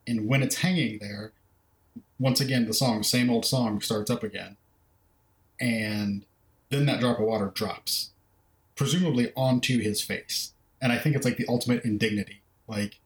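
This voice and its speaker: A man's voice: medium pitch, roomy sound, poor audio. A man co-hosting a film podcast in casual discussion, thoughtfully recounting scenes in detail. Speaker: podcast co-host.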